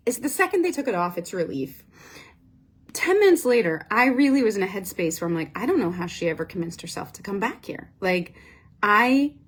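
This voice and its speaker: A woman telling a casual story as a host, animated and self-mocking, with frequent fillers. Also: medium pitch. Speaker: Pilates instructor and podcast host.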